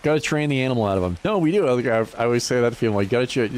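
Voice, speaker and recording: A man in his fifties races through casual livestream talk in a medium-pitched voice. He's animated and foul-mouthed, laughing often as he goes.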